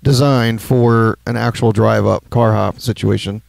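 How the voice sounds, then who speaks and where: Male co-host, gravelly mid voice, relaxed chat, dry sound. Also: lowish voice, measured pace, no room sound. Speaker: podcast co-host, band member. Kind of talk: casual storytelling chat.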